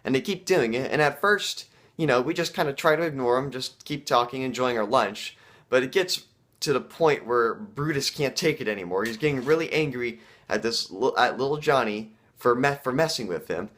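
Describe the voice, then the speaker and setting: A man vlogger telling a casual story to camera, halting and full of fillers. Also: medium pitch, lively intonation, fairly bright tone.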